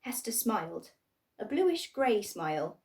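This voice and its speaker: A woman reading a children's storybook aloud in a playful, expressive way. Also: medium pitch, unhurried, recorded from a distance.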